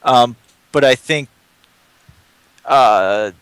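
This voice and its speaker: Measured, mid-pitched man co-hosting. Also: smooth, no room sound. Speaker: podcast co-host. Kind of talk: casual chat.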